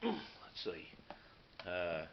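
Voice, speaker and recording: A man's voice: low voice, huge pitch swings, gravelly. A man, rambling casually and hurrying through his unboxing vlog. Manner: folksy, rambling, hurried. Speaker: YouTuber showing knives and meal kits. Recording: muffled lo-fi camera audio with noise.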